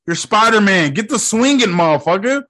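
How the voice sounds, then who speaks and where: A young man talks through a film in casual reaction commentary, his voice sitting a little high for a man. He is animated and swears freely, breaking into loud outbursts. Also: normal speed. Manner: animated and profane, with loud exclamations. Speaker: movie reaction vlogger.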